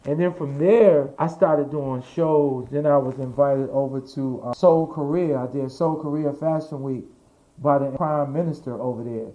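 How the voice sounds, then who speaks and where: Animated storyteller, man from New York. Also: medium pitch, normal speed. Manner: animated storyteller who swears freely and acts out other people's voices. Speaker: interview guest, fashion designer. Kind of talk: casual storytelling interview. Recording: dull lo-fi audio.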